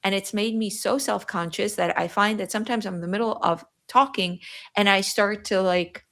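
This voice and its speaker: Woman, Yiddish accent, podcast guest, talkative, cuts herself off mid-thought, middling pitch. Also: fairly even intonation, normal speed, fairly bright tone. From New York, USA. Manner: chatty, interrupts herself mid-sentence. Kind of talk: podcast conversation.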